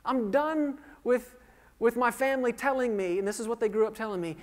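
A man's voice: very high voice, fairly quick, slight background noise. A man in his thirties preaching a sermon, quizzing the congregation and joking at his own expense. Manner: jokey and self-deprecating. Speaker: pastor. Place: church sanctuary. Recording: reverberant church hall.

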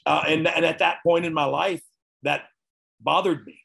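A man's voice: a little high, fairly even intonation, normal speed, creaky, a bit bright. A man, talking candidly and earnestly as an interview guest. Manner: earnest, folksy, frequent "you know what I mean". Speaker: guest, retired wrestler.

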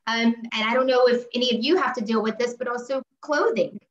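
An American woman with a fairly high voice speaks earnestly and candidly as a historian on a panel, often restarting her sentences. She is heard over a video call. The sound is roomy and a little dull. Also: fairly quick. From United States. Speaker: historian and museum tour manager. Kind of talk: panel discussion.

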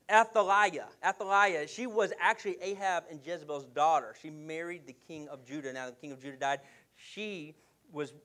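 A man preaching a sermon as pastor, telling stories with jokes and putting on voices for the characters. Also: high voice. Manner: lively storytelling with jokes and acted voices.

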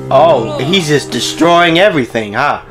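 A man's voice: on the high side, expressive, a little slow, over music. A man hosting a reaction video, talking casually, exclaiming in disbelief and swearing freely.

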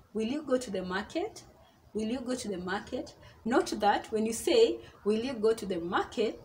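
A woman's voice: fairly high pitch, slight background noise. Woman teaching phrases with patient repeats. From Kenya. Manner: repeats example phrases slowly for learners. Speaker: Swahili teacher. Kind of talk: casual online language lesson.

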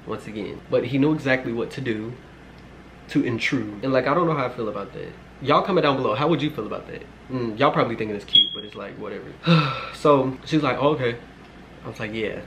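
This storytime vlogger, a twenty-something man, talks quickly in a medium-pitched voice as he casually recounts something that happened to him, full of fillers and curse words. The recording has background noise and the highs are cut off.

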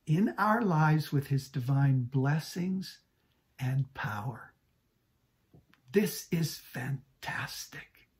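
A middle-aged man preaching a sermon as pastor, telling a personal story with earnest energy and dropping to a soft whisper for his inner thoughts. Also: a little high. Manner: earnest storytelling preacher, shifts pace often.

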